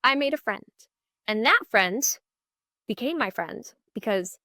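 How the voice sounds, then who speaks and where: A woman's voice: fairly high pitch, animated, measured pace, sharp tone, dry recording, studio quality. Upbeat young woman podcast host. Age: 20s. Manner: chatty and upbeat, acts out quoted dialogue. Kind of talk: casual solo storytelling.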